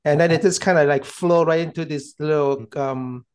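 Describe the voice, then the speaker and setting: A man co-hosting a casual movie review podcast, speaking in a halting way with frequent laughs. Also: fairly high pitch, steady tone, a little mellow. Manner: halting, giggly delivery. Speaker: podcast co-host.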